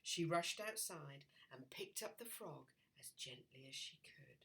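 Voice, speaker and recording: A woman teacher reads a picture book aloud to children, slow and very expressive. Her voice is bright and swings widely in pitch. She sounds a little away from the mic. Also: vocal fry, recorded from a distance, slight background noise.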